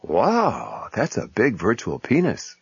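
A man's voice: fairly low pitch, wildly swooping pitch, slow, slightly rough, dry recording, pitched above the performer's own voice, exaggerated voice. A man voicing a flirty woman in a virtual park, in a coy, playful put-on voice. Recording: muffled lo-fi recording.

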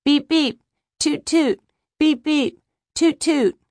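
A woman's voice: high-pitched, slow, a little mellow, dry recording, studio quality, voice pushed up. A woman voicing a playful, cheeky little boy with a bouncy, sing-song way of talking in an audiobook.

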